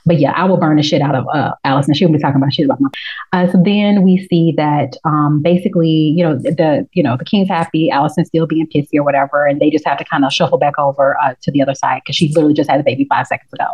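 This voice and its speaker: Animated woman, dull lo-fi sound. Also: deep voice, quick pace, breathy edge. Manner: animated, acts out characters in quoted lines, swears freely. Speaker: podcast co-host recapping a TV episode. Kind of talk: casual chat.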